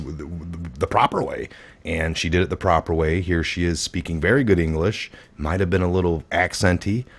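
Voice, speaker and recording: Low-voiced man hosting political chat. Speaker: political talk show host.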